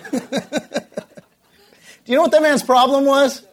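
A male pastor preaching a sermon, telling a story with many filler pauses and slowing down for emphasis. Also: very high-pitched.

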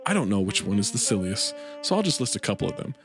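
A man's voice: on the low side, sing-song, fast talker, over music. A man co-hosting a casual movie review podcast, reading out a review and joking with friends. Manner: reads review aloud, swears, jokes. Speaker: podcast co-host.

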